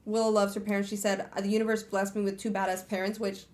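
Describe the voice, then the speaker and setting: A woman's voice: medium pitch, flat delivery, fast talker, a little mellow. A woman hosting a casual book club livestream, chatty and upbeat as she recaps the chapter. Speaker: streamer host.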